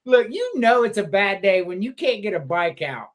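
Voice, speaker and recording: A woman's voice: medium pitch, animated, moderate pace, a little hiss or hum. A woman chatting on a podcast, retelling a clip animatedly and laughing a lot. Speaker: podcast host. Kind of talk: casual chat.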